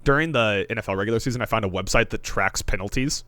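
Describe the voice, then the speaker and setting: A man with a bright, forceful, fairly low voice co-hosting a sports podcast. He riffs wryly and swears casually, close to a dry mic with no room sound. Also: fast talker, no echo. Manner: wry, riffing, swears casually. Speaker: podcast co-host.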